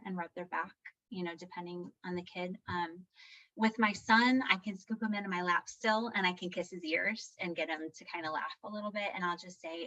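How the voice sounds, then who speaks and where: A woman's voice: fairly even intonation, moderate pace, highs cut off. A middle-aged woman speaking as a guest on parenting, answering questions reflectively and acting out quoted lines. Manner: warm, reflective, acts out quotes with shifts in pitch.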